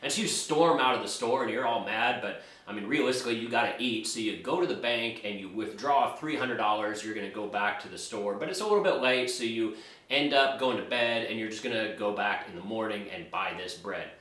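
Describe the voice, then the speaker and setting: A man with a bright, forceful voice talks through money ideas in a relaxed, conversational way. He builds his points from everyday hypothetical examples, like a friendly teacher. The room gives his voice a noticeable echo. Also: fairly low pitch, brisk. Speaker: personal finance YouTube host. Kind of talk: casual explanatory talk. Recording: roomy echo.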